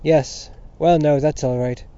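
A man's voice: on the high side, unhurried, lightly acted. A man voicing a jovial, bantering middle-aged Irish father in a storybook reading, on a dull lo-fi recording. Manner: loud, bantering, lively.

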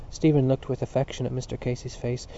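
Man narrating with a dark, mellow voice. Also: medium pitch, flat delivery, quick pace, vocal fry, dull audio, slight background noise. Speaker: audiobook narrator. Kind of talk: literary audiobook narration.

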